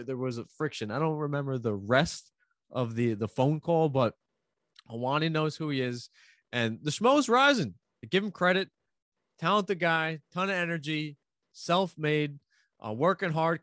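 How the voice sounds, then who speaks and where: A man, chatting casually and telling animated gossip stories. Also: on the high side, moderate pace, dry recording, clean studio sound. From New York, USA. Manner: animated storyteller, mimics other people's voices. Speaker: podcast guest telling stories. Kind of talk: casual chat.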